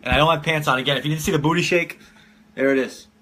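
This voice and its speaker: A man's voice: a little high, fairly even intonation, quick pace, fairly bright tone. A man in his twenties hosting a casual live-streamed podcast from home, telling rambling, profane stories and laughing often. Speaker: podcast host.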